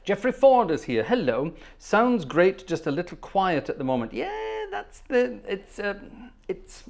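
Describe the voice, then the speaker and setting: A man's voice: high voice, wildly swooping pitch, measured pace, a little mellow. A man hosting a livestream organ concert, greeting viewers one by one in casual chat and humming between names. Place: at the organ console.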